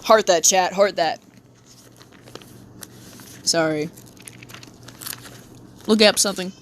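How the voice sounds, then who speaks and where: A young woman livestreaming while she draws, chatting casually, reading chat aloud and giggling, with sudden high squeals. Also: takes it slowly, a little hiss or hum.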